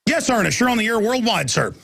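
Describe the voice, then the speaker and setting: A man's voice: high voice, sing-song, quick pace, gravelly, fairly bright tone, husky. A man hosting a radio talk show, telling a long rambling story in a ranting monologue. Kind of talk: ranting monologue with mocking impressions.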